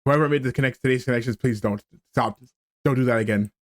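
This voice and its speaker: A man streaming a game, chatting casually and ranting in a stammering, animated way. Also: mid-range voice, fast, no room sound.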